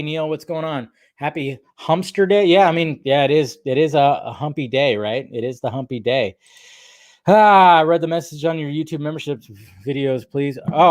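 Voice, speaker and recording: A young male livestream host with a voice on the high side chats casually and welcomes viewers by name, coughing slightly from the throat. The desk-microphone audio is studio quality with no echo.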